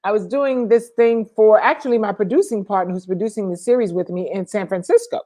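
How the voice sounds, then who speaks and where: A woman co-hosting a casual livestream chat, lively and chatty, calling out viewers by name. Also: medium pitch, brisk. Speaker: co-host.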